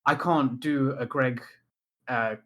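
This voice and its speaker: A man's voice: mid-range voice, steady tone, takes it slowly, bright, forceful tone. A man from Leicester, hosting a podcast in casual, laid-back and self-deprecating chat. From Leicester, England. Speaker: podcast host.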